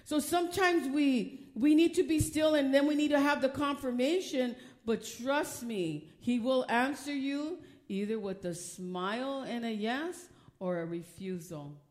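A woman's voice: high-pitched, a little slow, a little mellow. A woman pastor preaching a sermon from the pulpit, emphatic and often asking the congregation questions.

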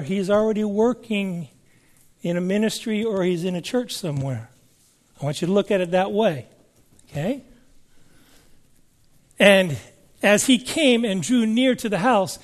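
A man preaching a sermon, reading scripture aloud and asking the listeners emphatic questions. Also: sits high.

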